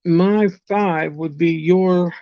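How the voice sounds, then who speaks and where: A man's voice: sits high, steady tone, very slow, no room sound, dull audio. A man hosting a live stream, chatting casually, greeting viewers one by one and reading out their messages.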